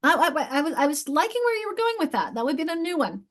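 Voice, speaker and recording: A woman instructor teaching other teachers, thinking aloud and sounding out words slowly, repeating each one. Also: sits high, sing-song. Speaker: literacy instructor.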